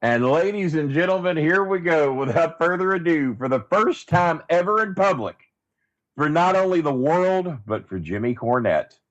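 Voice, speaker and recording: A man's voice: a little high, animated, normal speed, dull audio. A man guesting on a comedy podcast, talking in a theatrical, announcer-like, mock-sentimental way.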